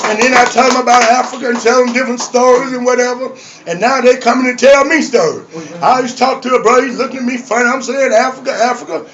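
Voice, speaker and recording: A man's voice: very high-pitched, steady tone, fast, background noise. An older man giving a fiery rally speech on a community stage, preaching with call-and-response to the audience. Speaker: activist speaker. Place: community arts center stage before an audience. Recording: dull lo-fi live recording with crowd.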